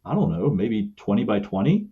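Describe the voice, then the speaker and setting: A man's voice: on the low side, very animated, moderate pace, phone-quality sound, a little hiss or hum. A man from West Virginia, a podcast guest, explaining things thoughtfully and at length. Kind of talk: casual conversation.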